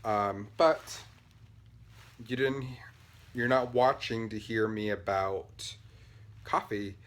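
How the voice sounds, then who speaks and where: A man's voice: lowish voice, fairly even intonation, slow, fairly bright tone. A man hosting a casual podcast, chatting in a rambling, upbeat way with lots of fillers, buzzing on caffeine. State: buzzing on caffeine, talking fast. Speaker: podcast host. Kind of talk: casual show-and-tell chat.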